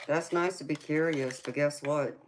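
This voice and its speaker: Chatting casually with her livestream viewers, this Southern American tarot reader is sassy and drawling, and she keeps calling them baby. She speaks at a moderate pace in a low, fairly even voice, with slight background noise.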